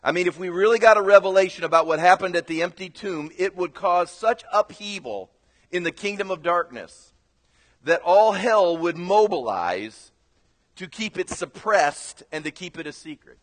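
Man, pastor, sermon, high voice, earnest exhortation, long church-hall reverb. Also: lively intonation, normal speed. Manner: earnest storytelling, building to loud exhortation.

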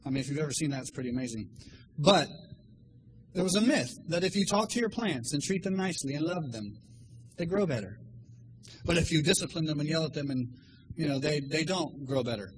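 High-voiced man preaching a lively sermon. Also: fairly quick, pauses often, slight background noise, poor audio. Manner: animated storytelling, acts out voices. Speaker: lay preacher.

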